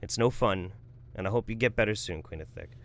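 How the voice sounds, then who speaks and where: A man in his thirties hosting a live stream, reading viewer donations in a relaxed, profane, jokey way. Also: lowish voice, fairly quick. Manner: laid-back, swears freely, laughs often. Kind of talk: casual live-stream commentary.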